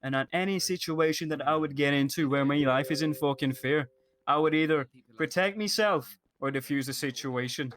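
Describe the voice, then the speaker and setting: A man's voice: fairly high pitch, normal speed, fairly bright tone, lightly acted. A man playing a cocky, foul-mouthed cop applicant. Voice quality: profane, cocky, rambling. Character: crude laid-back male police applicant. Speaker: job applicant in role-play. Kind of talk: in-character game role-play.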